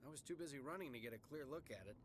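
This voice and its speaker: A man's voice: medium pitch, animated, racing, a little hiss or hum, close to an everyday voice. An actor playing a frightened, grateful male colonist in a video game, talking in an earnest, shaken way. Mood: recounting. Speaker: rescued colonist. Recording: game audio with music underneath.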